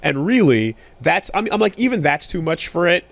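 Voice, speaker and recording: A man in his thirties co-hosting a podcast in casual chat, rambling with many fillers and restarts, getting animated when riled. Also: fairly high pitch, moderate pace, creaky. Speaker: podcast co-host.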